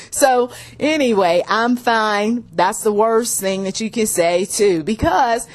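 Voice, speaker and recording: A woman's voice: medium pitch, slow pace. Chatty woman who laughs a lot. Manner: laughs often, acts out both sides of arguments in lively voices. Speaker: host of faith-based relationship talks. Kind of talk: casual spoken commentary with acted quotes.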